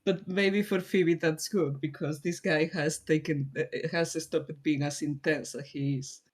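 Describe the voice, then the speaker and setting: Tabletop role-play player, slow halting delivery, mid pitch, laughs a lot. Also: steady tone, husky. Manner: unhurried, halting, laughs often. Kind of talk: casual in-character role-play narration.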